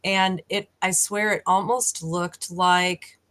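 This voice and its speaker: Earnest woman explaining, low voice. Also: steady tone, takes it slowly, fairly bright tone. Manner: earnest, explanatory, searching for words. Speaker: guest. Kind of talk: casual chat.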